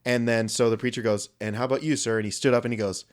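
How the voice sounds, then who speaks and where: A man's voice: mid-range voice, fairly even intonation, quick pace, few pauses. A young adult man co-hosting a podcast, telling a long, rambling anecdote in casual chat with frequent swearing and joking asides. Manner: rambling storyteller, swears freely, jokey asides. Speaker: podcast co-host.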